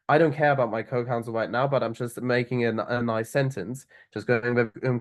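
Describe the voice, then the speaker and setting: A young man giving an online seminar on oral advocacy, talking loosely with many fillers and restarts, and slowing right down to show a point. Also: medium pitch. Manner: loose, filler-heavy delivery, slowing down to demonstrate.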